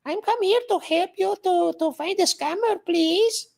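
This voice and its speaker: A man's voice: very high voice, measured pace, gravelly, voice pushed up, full character voice. A man putting on the voice of an eager little male cartoon mouse with a Spanish accent.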